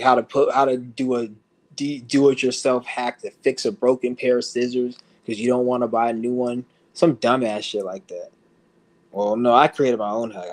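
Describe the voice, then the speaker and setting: A man's voice: medium pitch, a little mellow. A man ranting to his stream audience in a blunt, profane way, laughing often as he talks. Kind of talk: casual rant to camera. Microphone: streaming setup.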